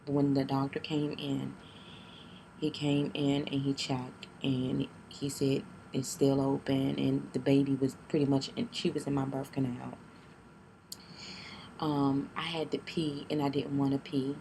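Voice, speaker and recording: A young woman telling a personal story in a vlog, halting and tearful, with many fillers and restarts, keeping her voice down. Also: extremely low pitch, little pitch movement, creaky, background noise. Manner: keeps her voice down. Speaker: vlogger.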